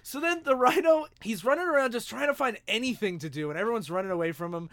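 High-voiced man, giggling storyteller, dry sound. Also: fast talker, a bit bright, dry recording. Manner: giggly storyteller, breaks into laughter. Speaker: podcast co-host. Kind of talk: casual podcast chat.

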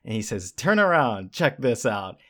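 A man's voice: medium pitch, normal speed. Guy on a podcast going over a show, acting out bits of dialogue, easygoing middle voice. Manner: animated, acts out character lines while recapping. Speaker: podcast co-host. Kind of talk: casual chat.

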